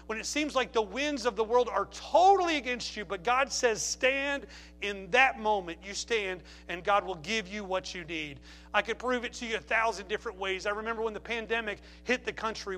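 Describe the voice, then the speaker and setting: A man's voice: high-pitched, a bit bright. A man preaching a sermon, telling stories with passionate emphasis. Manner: impassioned preaching with storytelling. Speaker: pastor.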